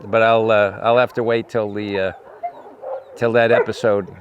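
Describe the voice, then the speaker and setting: A man who rescues animals, hosting a casual vlog outdoors at his sanctuary, talking to the camera and cooing soft, repetitive praise to his dogs. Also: on the low side, level tone, moderate pace, highs cut off, very noisy. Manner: coos softly to dogs, repeating praise, dropping to near-murmurs; rambling, repeats himself when talking to the audience. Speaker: animal rescuer and show host.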